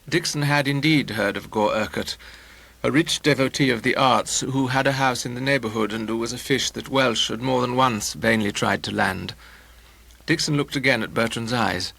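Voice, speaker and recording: A man's voice: medium pitch, moderate pace, creaky, bright, forceful tone, poor audio. A man narrating a comic novel in an audiobook, with a wry, dry delivery.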